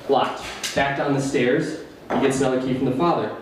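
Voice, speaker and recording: A man's voice: mid-range voice, brisk. A man with an Upper Midwest American accent doing stand-up at an open mic in a small cafe, rambling through long jokes with nervous laughs. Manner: rambling, self-deprecating joke telling with nervous laughs. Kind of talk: stand-up comedy. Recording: very echoey room, distant mic, faint hiss.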